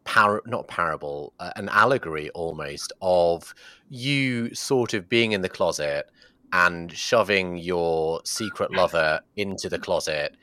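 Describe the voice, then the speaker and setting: A man's voice: low voice, a little slow, bright, forceful tone, no echo. A man from Bradford hosting an interview, reflective and hesitant, with many fillers. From Bradford, England. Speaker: podcast host. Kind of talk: conversational interview.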